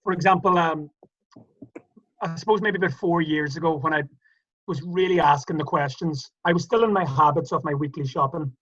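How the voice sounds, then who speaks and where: Man, Irish accent, bright, slightly high, chatty, hesitant restarts, lo-fi call audio. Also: normal speed, breathy edge. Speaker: guest. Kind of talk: casual conversational interview.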